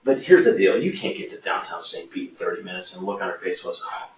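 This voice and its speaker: A man's voice: low voice, expressive, quick pace, a little hiss or hum. A man as a sales trainer, telling a workplace anecdote in a training webinar and acting out the quoted dialogue. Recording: echoey, distant, muffled.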